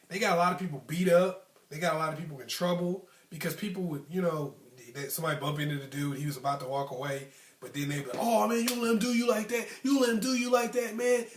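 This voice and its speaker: Recorded from afar in an echoey room, a channel host, an adult man no longer young, chats his way through a personal story full of ums and likes. His voice runs high and fairly bright, and he acts out the tough talk of his friends.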